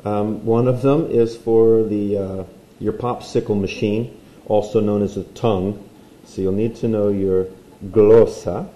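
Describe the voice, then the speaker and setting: Slow, mellow-voiced man teaching. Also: lowish voice, fairly even intonation, roomy sound, a little hiss or hum, low-quality recording. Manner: playful, drawing as he explains. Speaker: language teacher. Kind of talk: recorded lesson.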